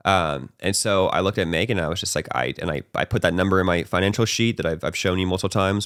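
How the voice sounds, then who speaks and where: A low-pitched podcast host rattles through a personal story with hardly any pauses, his tone clear and resonant in a studio-quality recording with no echo. His talk is loose and casual, full of "like," "bro," and "right?" tacked onto sentences, and he animatedly acts out his earlier panic.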